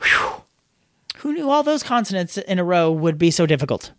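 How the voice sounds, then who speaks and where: A man's voice: high voice, sing-song, normal speed, background noise. A man hosting a podcast, playing back outtakes where he trips over his lines and mocks himself. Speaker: podcast host. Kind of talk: blooper reel of outtakes.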